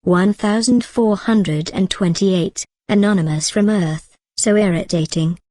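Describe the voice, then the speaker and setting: A woman giving a scripted web novel reading, working through numbered chat posts in a steady, even manner. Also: medium pitch, measured pace, no echo. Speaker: narrator.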